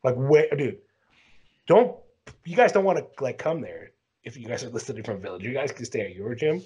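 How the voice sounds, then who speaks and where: A man's voice: medium pitch, very animated, brisk, dark tone, breathy edge, dull audio. A man co-hosting a podcast, telling a rambling story in casual chat and saying "dude" constantly. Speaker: podcast co-host.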